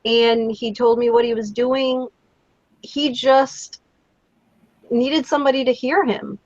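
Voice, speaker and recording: A woman's voice: on the high side, fairly even intonation, slow, no room sound, highs cut off. A woman co-hosting a casual live show, telling stories and encouraging kindness in an earnest way. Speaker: co-host of a daily live show. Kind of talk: casual live-stream chat.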